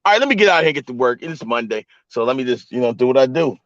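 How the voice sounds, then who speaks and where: This vlogger and live-stream host speaks very fast and expressively in a mid-range voice with a fairly bright tone. He's in a vehicle telling stories to his live chat on his phone, loose, profane and direct. The audio is dull, lo-fi and dry, with no echo.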